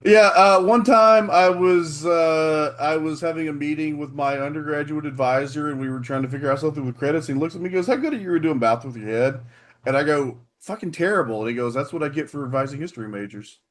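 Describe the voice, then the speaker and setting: A man's voice: on the high side, fast. A man co-hosting a podcast, chatting casually with jokes and profanity. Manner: jokey, laughing, profane. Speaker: podcast co-host. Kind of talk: casual chat about wrestling.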